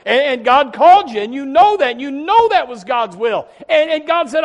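A Baptist preacher, preaching a sermon and swinging between low asides and loud pleading, often repeating words as he starts a phrase. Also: big pitch swings, normal speed.

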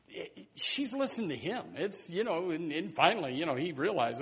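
A man preaching a sermon in a church, animated and full of stumbling restarts and repeated words. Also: sits high, normal speed, hardly any pauses, breathy edge. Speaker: pastor. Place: church sanctuary. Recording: long hall reverb.

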